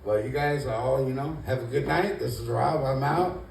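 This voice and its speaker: With vocal fry in his mid-range voice, this man talks at a normal speed. He's doing stand-up for the first time, a rambling, easygoing set in a comedy club where he mocks himself and keeps saying "you know." Expect a noisy, echoey club room and a far-off mic.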